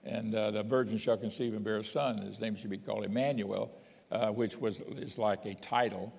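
A man's voice: fairly low pitch, steady tone, normal speed, vocal fry, darkish tone, husky, long reverb tail. A man, a bishop, teaching a sermon, reading scripture aloud with emphasis between plain explanation.

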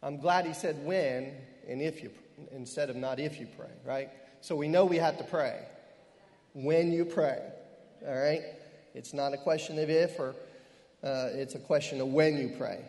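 Brief: middle-aged male pastor, high-pitched, fervent and emphatic, in a church with long reverb. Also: darkish tone. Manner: fervent preaching with frequent amens and hallelujahs; slows down hard on key phrases. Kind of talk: sermon.

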